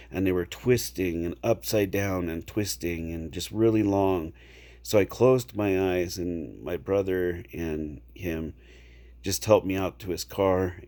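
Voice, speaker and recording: A man casually telling a personal story to camera, unhurried, checking in with the listener now and then. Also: low-pitched, mellow. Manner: unhurried, with fillers and repeated "okay?" check-ins.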